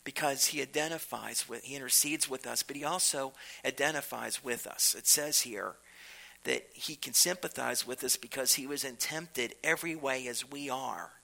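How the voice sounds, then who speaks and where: Gravelly, bright-toned male preacher. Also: mid-range voice, rough recording. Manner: earnest preaching, with repetition and emphatic pauses. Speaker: pastor. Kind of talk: sermon.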